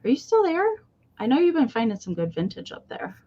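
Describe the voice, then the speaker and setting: Chatty higher-voiced woman hosting a live sale. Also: big pitch swings, a little fast, mellow, lo-fi sound. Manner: chatty, greets viewers one by one. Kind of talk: casual livestream chat.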